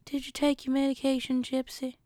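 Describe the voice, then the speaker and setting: A woman's voice: high-pitched, completely flat delivery, fairly quick, dark tone, no room sound, clean studio sound, voice pushed up, natural voice. A woman doing a syrupy country mother. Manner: drawling, syrupy, coaxing. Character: sickly-sweet controlling country mother.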